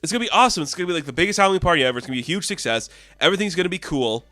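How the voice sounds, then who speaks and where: A man voicing a hyper, gushing young woman antihero from a comic, talking in a rushed, raised voice. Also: no echo, soft background music. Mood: excited. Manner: excitable, rushed, raised pitch.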